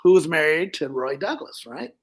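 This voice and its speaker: A man, a ventriloquist guest, telling show-business stories in an animated, chatty way. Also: a little high, normal speed, creaky, husky. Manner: animated storyteller, chuckling at old jokes. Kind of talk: casual interview chat.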